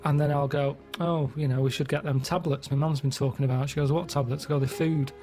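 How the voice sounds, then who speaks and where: A middle-aged man telling everyday stories in a deadpan, matter-of-fact way during a comedy chat. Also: fairly high pitch, fast talker, faint music behind. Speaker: regular guest.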